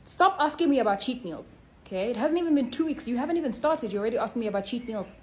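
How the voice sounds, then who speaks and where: A woman's voice: fairly high pitch, animated, quick pace. A woman vlogging to her phone, blunt and scolding, ending points with a tag question. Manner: blunt, scolding, repeats "okay?" often. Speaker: health vlogger. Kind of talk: casual direct-to-camera vlog.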